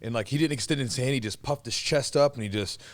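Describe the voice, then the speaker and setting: A man's voice: medium pitch, quick pace. A man hosting a podcast, telling stories casually with lots of fillers, restarts and laughter. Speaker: podcast host, former fighter. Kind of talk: casual storytelling chat.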